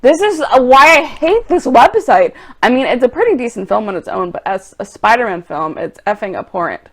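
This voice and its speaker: A young woman vlogger reacting to online film reviews, exasperated and ranting, turning loud and quick when annoyed. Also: a little high, sing-song. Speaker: movie vlogger.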